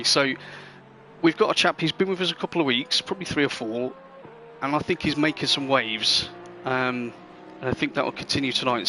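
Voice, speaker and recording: Soft background music plays as a man hosts a sim racing live stream, rambling casually and bantering with chat in a friendly manner. He speaks at normal speed in a medium-pitched voice that sounds pushed and bright.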